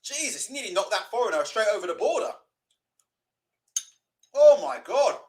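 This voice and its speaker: Young man, casual stream host, sweary and mocking, high, lively voice. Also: normal speed. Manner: sweary, mocking, laughs a lot. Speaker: livestream host. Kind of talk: casual live boxing watch-along commentary.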